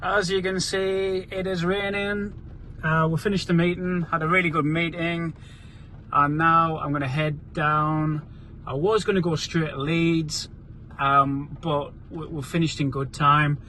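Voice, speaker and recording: A man's voice: on the high side, steady tone, unhurried, pushed and bright, slight background noise. A man talking casually to camera in a business-trip vlog, chatty and upbeat with loose fillers, recorded on the camera's own mic in his car and outdoors. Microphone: camera mic without his clip-on microphone.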